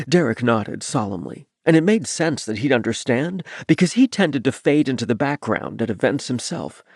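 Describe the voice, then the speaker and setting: Lively male audiobook narrator. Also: mid-range voice, normal speed, creaky, hardly any pauses, husky, no echo, studio quality. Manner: lively, expressive reading. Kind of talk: first-person scripted narration.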